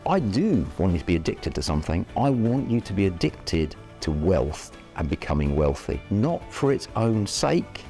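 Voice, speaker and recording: Blunt Yorkshireman with a deep, lively voice. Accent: Northern English. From Yorkshire, England. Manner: blunt, animated storytelling with rhetorical questions. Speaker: property education presenter. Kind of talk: motivational talk to camera.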